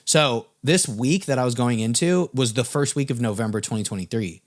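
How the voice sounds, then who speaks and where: A man's voice: medium pitch, brisk. A young man, a music business coach, tells a personal story to camera in a casual way, full of fillers and swearing.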